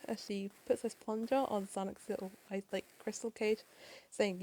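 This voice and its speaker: A woman's voice: medium pitch, fairly even intonation, normal speed, creaky, warm tone, rough recording. A woman casually reading a comic aloud, with chatty asides and the odd swear word. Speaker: comic reader. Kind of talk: casual comic read-along with commentary.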